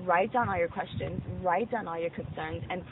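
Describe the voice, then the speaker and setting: Earnest high-voiced man leading a bible study. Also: normal speed, vocal fry. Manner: earnest and reassuring, many fillers. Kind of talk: earnest counseling talk. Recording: tinny phone-like audio with loud noise.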